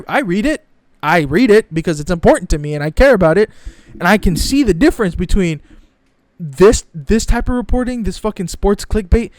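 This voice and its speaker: A man's voice: high-pitched, darkish tone, no echo. A young man ranting in casual sports commentary, profane and exasperated, often mocking others in put-on voices.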